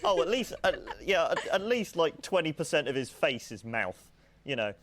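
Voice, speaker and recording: A man's voice: a little high, big pitch swings, normal speed, fairly bright tone. Rambling man describing his character. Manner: rambling, hesitant with fillers. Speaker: player. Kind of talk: casual tabletop role-play chat.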